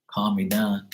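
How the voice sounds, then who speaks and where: A young man hosting a live tarot reading, his voice sitting a little low. He chats in a relaxed, profane way, drifting into stories and laughing between readings for his viewers. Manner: loose, profane, chatty, laughs often. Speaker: tarot reader. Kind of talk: casual livestream tarot reading.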